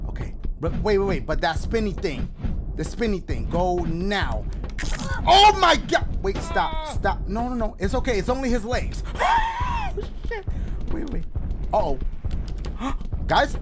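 High, yelping man playing a game. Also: huge pitch swings, unhurried, music in the background. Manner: loud, yelps and shouts often; talks to the audience as "guys". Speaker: gaming channel host. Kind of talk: excited gameplay commentary.

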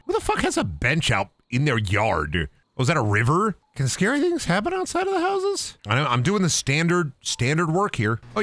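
A man's voice: medium pitch, pushed and bright, no room sound, studio quality. A young man streaming a ghost-hunting game, joking and swearing as he plays and slipping into silly put-on voices. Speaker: gaming streamer. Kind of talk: casual live-stream commentary while playing.

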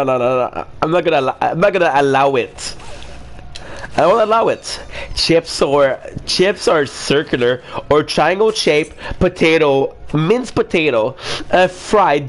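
Laughing, joking young man chatting online. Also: a little high. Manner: joking, laughs often, swears casually. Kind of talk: casual chat with online friends.

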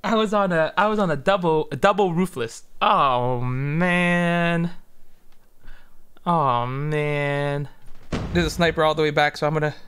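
A young man giving live commentary on a shooter game, excitable and given to dramatic outbursts and groans. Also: fairly high pitch, fast, few pauses, clear, resonant tone. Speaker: mobile shooter game streamer. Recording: faint gunfire noise behind. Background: game gunfire and clicks.

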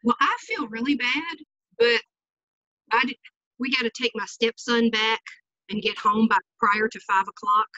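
Bright, chatty woman on a muffled call. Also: a little high, dry recording. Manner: quick, chatty, apologetic. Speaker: regular group member. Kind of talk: casual chat. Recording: dry, muffled video-call audio.

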